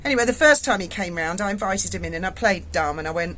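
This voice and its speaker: A woman's voice: mid-range voice, fast, fairly bright tone, slight background noise. A woman, telling a frank, salty story to her viewers from indoors at home. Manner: chatty, frank and salty, with swearing. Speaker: vlogger.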